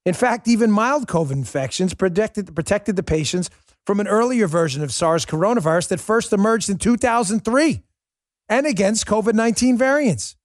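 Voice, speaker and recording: A man's voice: high-pitched, lively intonation, moderate pace, dry recording, studio quality. A man hosting a political commentary show, ranting in a heated, sarcastic way. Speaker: podcast host.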